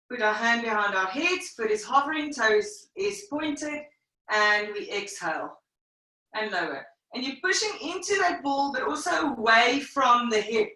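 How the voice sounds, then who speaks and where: A woman pilates instructor leads a live online class, counting reps and calling breaths in short, unhurried phrases. Her voice sits a bit high and she sounds a little winded. She is heard from across a strongly echoing room. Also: bright, forceful tone. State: slightly out of breath. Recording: very echoey room, voice far from mic.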